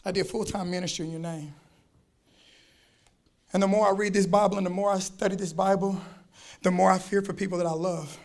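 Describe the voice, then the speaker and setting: A man with a very high voice preaches a sermon. He repeats his phrases for weight and reads scripture slowly. His delivery swings between shouting and quiet intensity. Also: fairly even intonation, creaky. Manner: quotes scripture slowly and deliberately.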